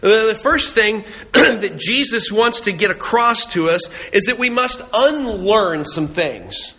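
A man with a high, bright voice preaches a sermon, speaking conversationally and slipping in humorous asides as he tells a story. He sounds like a pastor addressing his congregation. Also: expressive, slow.

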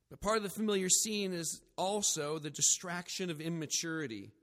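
A man with a high voice preaches a sermon. He is animated, acts out the people he quotes and cracks jokes at his own expense. His voice rings with the long reverb of a church hall. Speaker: pastor.

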